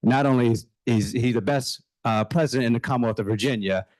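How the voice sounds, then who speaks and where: A man introducing the next speaker at a summit, talking haltingly with frequent uhs. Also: mid-range voice, a little mellow, poor audio. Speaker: event emcee introducing speaker.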